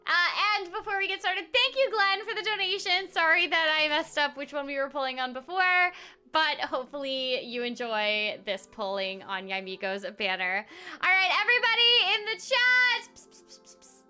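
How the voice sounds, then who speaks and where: A woman voice actor livestreaming a game, talking excitedly to her chat. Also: very high voice, moderate pace, faint music behind. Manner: excitable, chatty, talks to chat.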